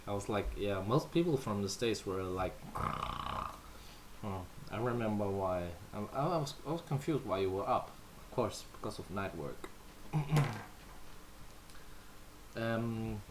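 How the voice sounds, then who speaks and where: This male livestream host from Denmark, whose native tongue is Danish, casually fields viewer questions in a joking manner packed with fillers. His pitch sits fairly low, and there's noise in the background.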